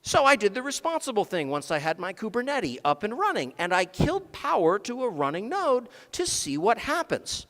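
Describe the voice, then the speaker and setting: Male speaker on a conference stage, dry sarcastic wit, very animated delivery, reverberant hall sound. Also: sits high, normal speed, hardly any pauses. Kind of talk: comedic technical talk. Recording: long reverb of a large hall.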